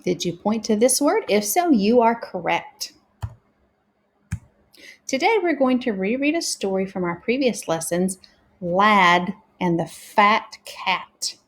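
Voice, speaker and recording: A woman teaching a reading lesson to young learners, sounding out words slowly and carefully. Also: medium pitch, expressive.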